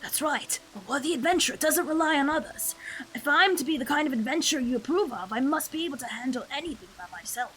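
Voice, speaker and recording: A woman voicing an earnest, self-doubting young male adventurer in a game, speaking softly and lower than her own voice. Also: lively intonation, fast talker, slight background noise.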